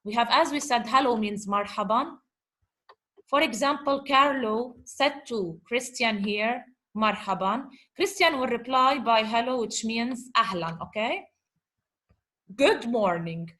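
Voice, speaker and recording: A woman with a somewhat high voice teaches Arabic vocabulary in English. She walks through a dialogue, asks her class questions, answers them herself, and goes over each point twice. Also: moderate pace, sharp tone. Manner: talks to her class as guys. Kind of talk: explaining vocabulary from a lesson dialogue.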